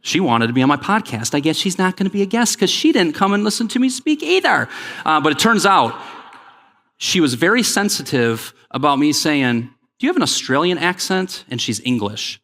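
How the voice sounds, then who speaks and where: Energetic keynote speaker in a big hall. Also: male voice, on the high side, moderate pace. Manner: energetic, joking, pushes the crowd to respond. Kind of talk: conference keynote. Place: large conference hall. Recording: long hall reverb.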